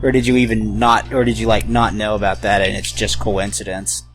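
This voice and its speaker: A man's voice: lowish voice, a little fast, soft background music. A man co-hosting a casual podcast chat, swearing and laughing as he talks. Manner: animated, swearing, laughing often. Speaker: podcast co-host.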